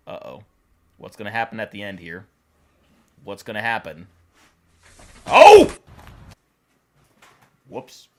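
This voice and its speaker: A woman's voice: extremely low pitch, huge pitch swings, slow pace, long pauses, darkish tone. A woman hosting a reaction video, exclaiming, cooing and laughing as she comments on funny animal clips. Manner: laughs often.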